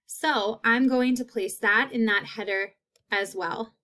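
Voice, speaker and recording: Woman, teacher, phonics lesson, slightly high voice, unhurried, repeats words. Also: fairly even intonation, sharp tone. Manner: slow, repeats each word clearly.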